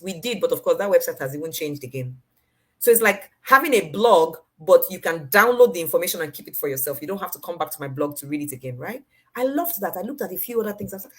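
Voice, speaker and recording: A woman, telling a personal story in an animated way and repeating phrases for effect. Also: medium pitch, brisk, husky. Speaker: motivational speaker.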